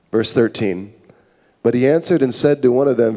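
A man preaching a sermon as pastor, retelling a parable with lively acted voices for the characters. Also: mid-range voice, normal speed. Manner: animated storytelling, acting out characters' voices. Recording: long hall reverb.

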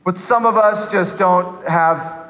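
A man preaching a sermon to his church, animated and conversational, acting out people's voices to poke fun. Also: high voice, takes it slowly, big-room sound, low-quality recording. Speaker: pastor.

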